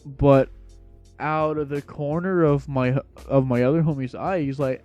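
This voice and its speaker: A man's voice: on the high side, fairly even intonation, unhurried, dark tone, soft background music. A young man casually telling a storytime tale in a slangy, rambling, laid-back way.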